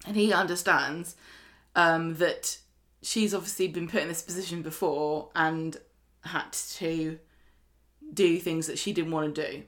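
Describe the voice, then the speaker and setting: A British woman co-hosting a podcast, chattily retelling scenes and quoting characters, with easy laughter. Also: lowish voice. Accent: British English. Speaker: podcast co-host. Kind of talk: casual recap chat.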